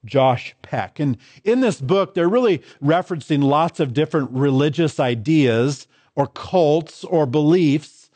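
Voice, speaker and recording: A man's voice: a little high, expressive, unhurried, few pauses, warm tone, no echo. Emphatic male pastor, dry close sound. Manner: emphatic, repeats and contrasts key phrases. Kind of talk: sermon.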